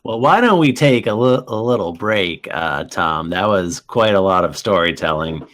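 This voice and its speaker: A man running a tabletop game, talking in a relaxed, hesitant way. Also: deep voice, moderate pace. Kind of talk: casual tabletop game chat.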